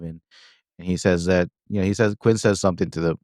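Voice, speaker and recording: A man's voice: low voice, steady tone, fast talker, darkish tone, no echo, clean studio sound. A man co-hosting a podcast, casually retelling a movie's plot with lots of fillers and quoted lines. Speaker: podcast co-host recapping a film. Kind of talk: casual chat.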